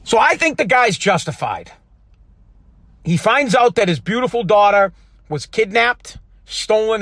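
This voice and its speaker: Bright and high-pitched, with no room sound, this American man in his thirties launches into an impassioned, swear-filled monologue, emphatic and full of restarts.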